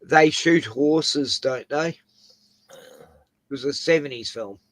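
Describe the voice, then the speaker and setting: A man's voice: mid-range voice, slow pace, no echo. A man with an Australian accent hosting a casual chat, rambling through anecdotes with chuckles. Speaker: host.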